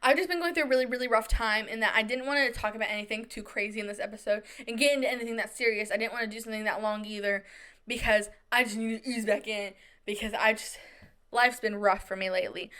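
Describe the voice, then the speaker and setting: Bright high-voiced young woman podcaster. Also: quick pace, smooth, soft background music. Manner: chatty, dramatic storytelling with quoted voices. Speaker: podcast host. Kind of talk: casual solo podcast chat.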